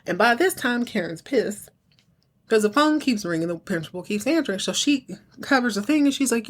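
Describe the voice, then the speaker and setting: A woman's voice: mid-range voice, expressive, normal speed. A woman hosting a podcast, casually recapping a TV episode with wry asides and acting out the characters' lines. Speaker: podcast host.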